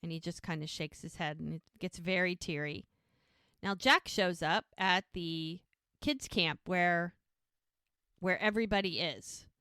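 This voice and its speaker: Woman podcast co-host, casual and emotional storyteller; smooth clear voice, dry booth. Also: lowish voice, a little slow, bright, forceful tone, dry recording. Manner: chatty storyteller, emotional, many fillers. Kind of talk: casual chat recapping a TV episode.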